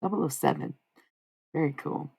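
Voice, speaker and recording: A woman's voice: low-pitched, moderate pace, vocal fry, darkish tone, slightly rough. An American woman in her thirties chatting casually and wryly with her live stream chat, rambling and swearing. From United States.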